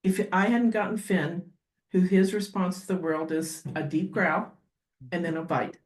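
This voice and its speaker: A woman guest on a podcast talking as a dog behaviorist, animated and quick to act out little scenes. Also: lowish voice. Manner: animated, acts out dogs and owners in quick asides. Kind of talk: podcast interview conversation. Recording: roomy echo.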